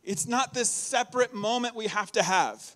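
A high-pitched male pastor delivers a lively church sermon, upbeat and animated. He laughs often between his points and leans into the congregation. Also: moderate pace. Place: church hall.

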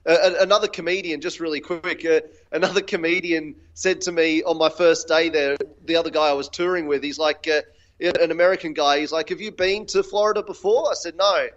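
A man from Australia, a guest in a casual interview, talking in a halting way with many fillers and restarts. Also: fairly high pitch, fairly even intonation, a bit bright, highs cut off.

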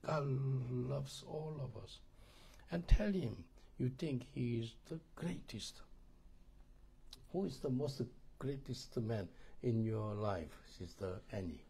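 A man's voice: mid-range voice, lively intonation, takes it slowly, vocal fry, mellow, slightly rough. A middle-aged man with a Korean accent, a pastor teaching a marriage course in sermon style, emphatic and repetitive, often checking that listeners understand.

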